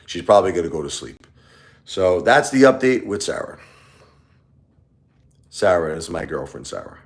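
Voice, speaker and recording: A man's voice: deep voice, sing-song, moderate pace. A man hosting a casual live stream, talking in a rambling, repetitive way and lashing out at his critics.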